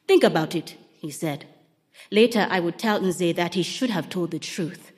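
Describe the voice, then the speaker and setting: A woman reading a novel aloud in a measured, dramatic storytelling manner. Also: lowish voice, big-room sound. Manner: measured, dramatic storytelling, voicing characters lightly. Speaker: narrator. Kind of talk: scripted audiobook narration.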